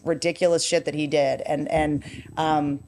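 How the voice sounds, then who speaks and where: Low-voiced woman chatting frankly. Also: moderate pace, a little hiss or hum. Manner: animated, rambling, frank, swears casually. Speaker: podcast guest. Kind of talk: casual conversational chat.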